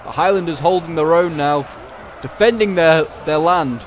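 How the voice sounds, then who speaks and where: A man's voice: fairly high pitch, moderate pace, faint music behind. A man giving casual, chatty commentary over a strategy game battle, thinking aloud with many fillers and restarts. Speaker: gaming commentator.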